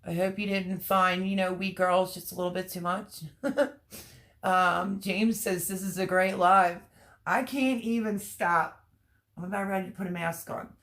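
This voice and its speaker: A woman's voice: on the low side, steady tone, measured pace, fairly bright tone. A woman hosting a casual livestream, reading out chat comments, teary and laughing through her words. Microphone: webcam or phone on a stream.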